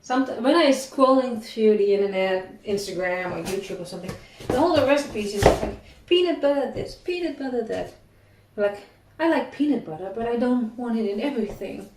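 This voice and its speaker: A woman's voice: mid-range voice, fairly quick, darkish tone. A young woman chatting casually as she bakes at home, rambling with self-deprecating asides and sounding slightly out of breath. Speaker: cooking vlogger. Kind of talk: casual chat while baking. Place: home kitchen. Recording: echoey kitchen, distant mic, clattering dishes.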